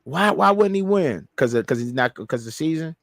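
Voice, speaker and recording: A man co-hosting a sports show, talking in an animated, slangy way and repeating himself as he argues. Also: on the high side, normal speed, creaky, no room sound. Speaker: show co-host, fan. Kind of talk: heated sports banter.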